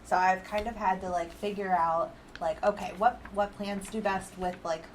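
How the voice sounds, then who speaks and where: A woman co-hosting a casual chat podcast from her apartment, telling stories in an animated way, acting out quotes and laughing often. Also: mid-range voice, moderate pace, a little hiss or hum, poor audio. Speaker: podcast co-host.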